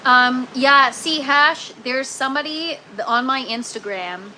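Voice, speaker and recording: A woman's voice: high voice, a little slow, sharp tone, a little hiss or hum, rough recording. A woman hosting a casual gardening live stream from an indoor grow tent, chatting with viewers and using lots of ums and "you guys.".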